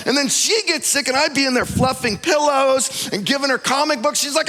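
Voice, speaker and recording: Animated man preaching in a reverberant hall. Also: extremely high pitch, fairly quick, few pauses. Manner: animated storytelling, acts out quoted voices. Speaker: pastor. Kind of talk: sermon with personal stories. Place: church auditorium.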